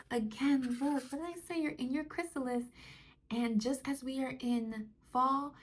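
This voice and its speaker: Soft-spoken woman giving a card reading. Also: on the high side. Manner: soft, affirming, repeats phrases, bursts of excitement. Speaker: spiritual card reader. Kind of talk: channeled message reading.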